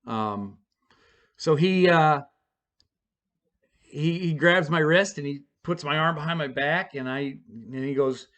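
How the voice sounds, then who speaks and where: A man casually telling a personal story to camera, rambling and self-deprecating with halting restarts. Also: a little high, a bit bright.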